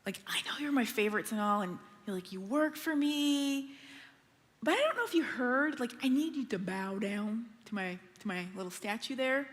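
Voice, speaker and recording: Woman putting on a hushed, wheedling king. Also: a little high, lively intonation, moderate pace, big-room sound. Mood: coaxing. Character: scheming male king, coaxing then threatening.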